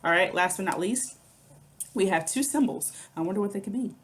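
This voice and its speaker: A woman's voice: mid-range voice, animated, a little fast, a little hiss or hum. A woman teaching a music lesson, patiently explaining rhythms, counting aloud and chanting rhythm syllables. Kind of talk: recorded online music lesson.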